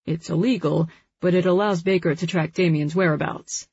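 A woman reads a first-person novel aloud in a measured, heartfelt way. Her voice is husky and lowish. The recording is dry and slightly dull. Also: steady tone, darkish tone, no room sound. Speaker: audiobook narrator. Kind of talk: first-person scripted narration.

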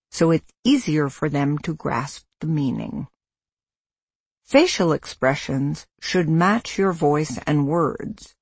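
A measured, instructive narrator reading a nonfiction book aloud. The delivery is slow and deliberate, with a gravelly, slightly husky texture. The sound is close and dry. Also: medium pitch, dry recording. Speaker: audiobook narrator and parent.

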